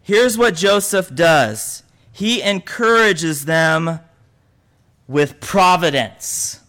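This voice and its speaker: Bright high-voiced male preacher. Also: drawn-out words. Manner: animated, acts out quoted voices. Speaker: pastor. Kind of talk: sermon.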